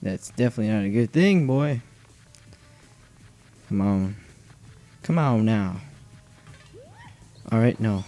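Slow-talking young man gaming. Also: fairly low pitch, lively intonation, soft background music. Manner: nervous, self-mocking, bursts into yelling. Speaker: gaming channel host. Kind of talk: excited let's play commentary.

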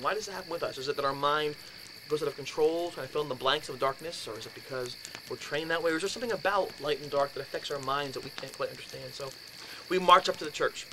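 Man, animated storyteller, high voice, acts out voices, noisy recording. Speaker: speaker telling a ghost story. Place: house, lecture to a group.

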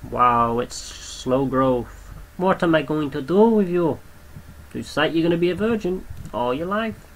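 A man's voice: a little high, expressive, a little slow, low-quality recording. Chatty young man commenting on a game. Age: young adult. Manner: chatty, talks to the creatures on screen, swears casually. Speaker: gameplay commentator. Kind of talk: casual gameplay commentary.

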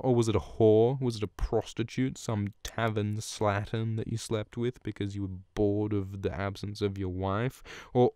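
A man's voice: fairly low pitch, warm tone, smooth, dry recording, clean studio sound, lightly acted. A man voicing a scheming, scornful queen in a comic podcast retelling, with crude, goading taunts.

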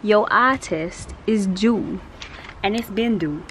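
Chatty young London woman, slangy vlogger, mid pitch, filming outdoors with traffic noise behind. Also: takes it slowly, a bit bright, rough recording. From London, England. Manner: chatty, slangy, laughs often. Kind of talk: casual vlog chat. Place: outdoors on a city street.

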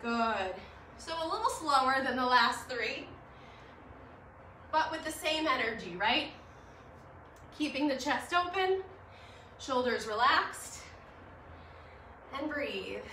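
High, bright woman leading a workout. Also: slight background noise. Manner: upbeat, encouraging, laughs at herself. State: slightly winded. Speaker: fitness instructor. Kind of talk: guided home workout instruction. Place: living room at home. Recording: echoey room, mic at a distance.

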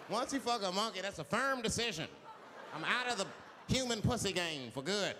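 A man performing stand-up comedy on a theater stage, telling a story in an animated way and acting out the voices of the people in it. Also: high voice, brisk. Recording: live theater with long reverb and audience noise. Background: audience laughter.

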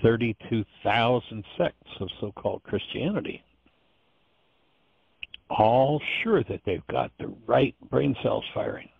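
Male course teacher, husky and gravelly, earnest and digressive delivery; dull lo-fi call sound. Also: mid-range voice, animated, slow, no room sound. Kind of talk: informal course lecture.

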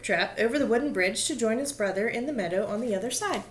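A woman reading a children's storybook aloud, slowing down to dwell on dramatic details. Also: on the high side, lively intonation.

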